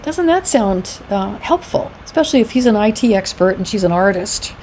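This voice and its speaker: A middle-aged woman presents an educational talk in a loose, conversational way, full of fillers and acted-out quotes. Her voice is mellow and soft-edged, set at an ordinary middle pitch. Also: animated, normal speed, few pauses, a little hiss or hum, low-quality recording. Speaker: founder of a domestic abuse support group, presenter.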